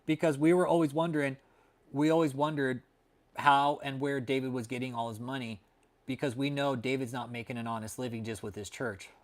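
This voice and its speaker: Man, livestream host, casual and foul-mouthed, mid pitch, chuckles a lot. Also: fairly even intonation, a little fast. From Texas. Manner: profane and laid-back, calls people dude and man; laughs often at his own jokes. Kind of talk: casual livestream chat with viewers.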